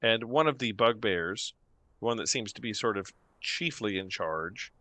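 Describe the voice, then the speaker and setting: A man narrating as game master of a tabletop game, slow and hesitant with many fillers. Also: on the low side, lively intonation, pushed and bright, no room sound.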